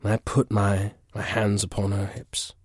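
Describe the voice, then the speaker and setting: A man in an improvised comedy bit, telling an absurd story with earnest, deadpan conviction, dropping to a hush and then swelling loud. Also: moderate pace, husky, no room sound, clean studio sound. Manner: earnest, swings from hushed to booming.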